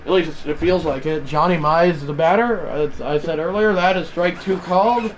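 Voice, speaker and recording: A man's voice: a little high, moderate pace, a little hiss or hum. A man giving casual play-by-play commentary on a baseball video game livestream, chatty and prone to correcting himself mid-sentence. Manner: chatty, self-correcting, with side remarks.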